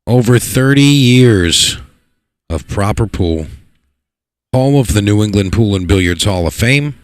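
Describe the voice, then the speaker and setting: A man giving live play-by-play commentary on a pool match, excitable and repeating words for emphasis. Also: lowish voice, normal speed, no echo. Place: pool hall.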